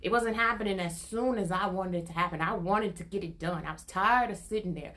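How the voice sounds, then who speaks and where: A woman's voice: on the low side, brisk, a bit bright. A young adult woman sharing an informal prophetic testimony, earnest and repetitive, her intensity building as she goes. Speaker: prophetic minister.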